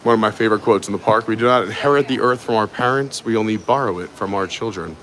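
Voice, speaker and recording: A man's voice: on the low side, quick pace, background noise. Chatty man hosting a park livestream. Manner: joking, chatty, talks with food in his mouth at times. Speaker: vlog host. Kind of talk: casual live-stream chat. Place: outdoor theme park trail.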